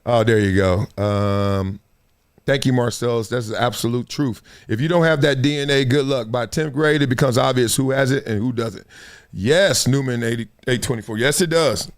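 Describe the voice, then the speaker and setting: Here a middle-aged man runs his own show, speaking in a mid-range voice at moderate speed. Chatting casually with the live crowd, he stays animated, acts out voices, and laughs frequently.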